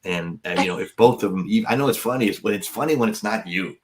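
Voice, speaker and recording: A man in his fifties with a very deep voice tells a story in a casual chat. He jokes at his own expense and acts out what other people said. He talks like a comedian co-hosting a podcast over a video call. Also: quick pace. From United States. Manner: jokey, self-deprecating, acts out other people's lines.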